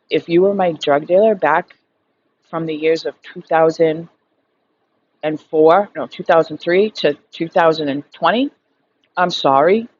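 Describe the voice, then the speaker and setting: A woman in her thirties rambles through a personal story in a frank, unfiltered way, swearing freely and leaning on fillers as she talks. Her voice sits a little low. The recording is slightly dull and lo-fi, with a faint hiss underneath. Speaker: recovery vlogger. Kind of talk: casual storytelling monologue.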